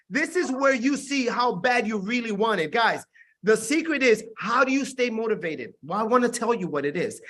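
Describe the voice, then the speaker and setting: A man's voice: very high-pitched, expressive, normal speed, fairly bright tone. A man leading a network marketing team, giving an intense, repetitive motivational talk on a video call.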